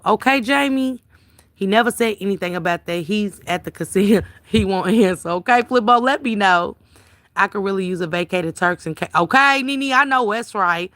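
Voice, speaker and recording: A woman runs a casual livestream, reading comments aloud and answering viewers by name. Her voice is bright and forward. The sound is close and dry, with no room around it. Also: fairly low pitch, vocal fry, no room sound.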